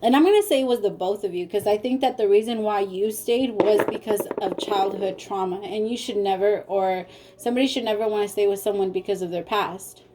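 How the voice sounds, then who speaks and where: Woman tarot reader, mellow warm tone, emotional and direct with viewers. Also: medium pitch, brisk, hardly any pauses. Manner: emotional, talks straight to viewers. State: tearful. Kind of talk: casual spoken tarot reading.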